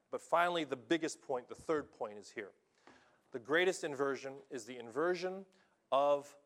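A male pastor preaching a sermon in an animated, emphatic way, often checking in with his listeners. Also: mid-range voice. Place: church in Japan.

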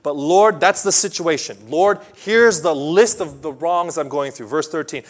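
With few pauses and a measured pace, a pastor who speaks English as a second language preaches emphatically in a fairly high voice. Loud outbursts alternate with quiet asides.

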